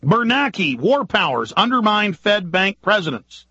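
A man hosting a radio talk show, delivering an urgent, ranting political monologue full of rapid-fire rhetorical questions. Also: sits high, big pitch swings, sharp tone, breathy edge, no echo, dull audio. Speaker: radio host.

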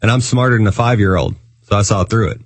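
A man's voice: lowish voice, quick pace, dry recording. A man co-hosting a talk radio show, giving wry, dismissive comments. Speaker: co-host.

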